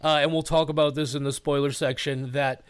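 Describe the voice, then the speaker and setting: Podcast host, male, slightly high voice, rambling and profane, dry close mic. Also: level tone, fairly quick, smooth, no room sound. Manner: emotional, profane, rambling with restarts. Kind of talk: casual podcast chat.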